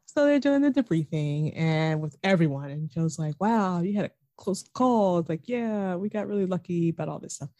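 A woman chats through a TV episode recap, jumping into quick impressions of the characters as she retells the scenes. Her voice sits a touch low and sounds warm and mellow. The recording is dry and close, with no room sound. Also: dry recording. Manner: animated retelling, acts out characters' lines. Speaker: podcast co-host. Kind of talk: casual TV recap chat.

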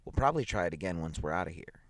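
A man's voice: low voice, lively intonation, rapid-fire, no room sound. A man voicing a ruthless, vindictive businessman who speaks harshly and chuckles at his wife's fears. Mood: cold gloating.

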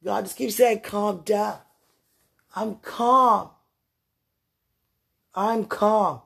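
A freshly woken person gives a spontaneous spiritual message at home, speaking straight to God. The voice is husky and gravelly, with a rough edge. It leaps into excited outbursts, then sinks into soft murmuring. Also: medium pitch, very slow. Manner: talks aloud to God, rambling and emotional; swings between excited bursts and quiet murmurs. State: just woken from sleep. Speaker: spiritual vlogger.

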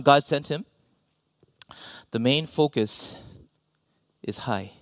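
A man preaching a sermon as pastor, animated, with self-deprecating asides and sudden drops to near-whispers. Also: fairly high pitch, dry recording, studio quality.

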